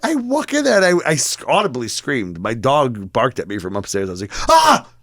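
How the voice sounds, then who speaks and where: A man in his thirties, co-hosting a podcast, telling a story in casual chat, animated and profane, acting out what people said. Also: medium pitch, fairly quick, dry recording, studio quality. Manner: animated, profane, acts out quotes. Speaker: podcast co-host.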